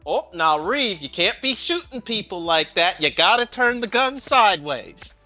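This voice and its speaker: A man's voice: high-pitched, big pitch swings, normal speed, pushed and bright, dull audio, faint music behind, voice pushed up, heavily acted. A man doing a jokey Midwestern dad.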